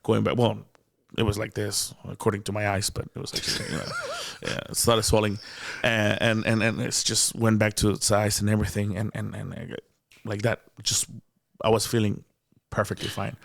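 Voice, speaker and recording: A man's voice: on the low side, normal speed, creaky, few pauses, no echo. A man with a Mexican accent, a guest comedian, telling a story in a casual interview, laughing often and acting out what people said. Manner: animated, laughing often, acts out quoted dialogue, many restarts.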